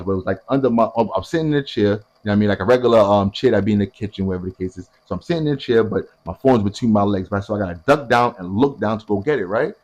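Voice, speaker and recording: A young man telling a story casually, animated and profane, acting out what other people said. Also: mid-range voice.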